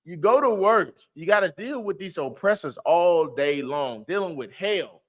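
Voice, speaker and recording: A man leading a Bible class, teaching in a lively, preachy way with street slang and loud exclamations. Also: high-pitched, moderate pace.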